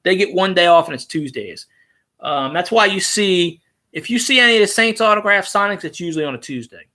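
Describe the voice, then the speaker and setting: A man rambling in a casual, profane, excitable monologue as a sports-fan vlogger. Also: high-pitched, a little fast.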